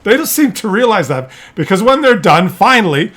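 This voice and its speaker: A middle-aged man telling a family story in a casual vlog, animated and laughing often as he acts out voices. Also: high voice, a little fast, breathy edge. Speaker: content creator.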